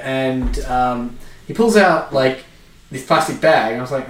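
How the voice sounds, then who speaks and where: A man's voice: medium pitch, steady tone, moderate pace. An Australian man telling a casual story, his talk loose and full of "like". He sits back from the mic, so his voice comes through distant in a reverberant room. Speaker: podcast co-host. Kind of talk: casual chat.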